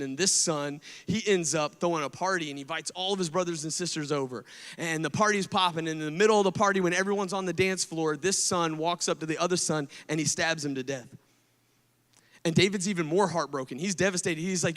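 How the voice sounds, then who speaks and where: Animated male youth preacher in a hall. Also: fairly high pitch. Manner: animated storytelling, many fillers like "like" and "right?". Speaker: speaker at a student event. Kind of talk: casual youth sermon. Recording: long hall reverb.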